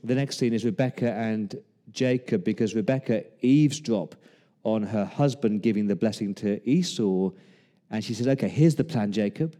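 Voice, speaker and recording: A man's voice: lowish voice, moderate pace, mellow. A man preaching a sermon as pastor, retelling Bible scenes with humor and acting out the lines of the people in them. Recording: long hall reverb.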